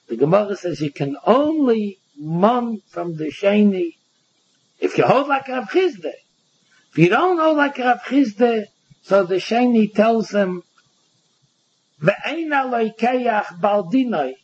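A man giving a Talmud lecture, animated, acting out both sides of the case. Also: high voice, unhurried, slightly rough. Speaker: Talmud teacher. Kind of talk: Talmud lecture in Yeshivish English. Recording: dull lo-fi recording.

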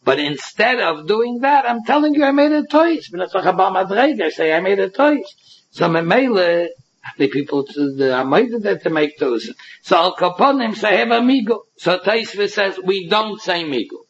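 A man with a high, expressive voice teaches Talmud at a moderate pace, explaining each passage by acting out both sides of the dispute. The recording is dull and lo-fi, with slight background noise.

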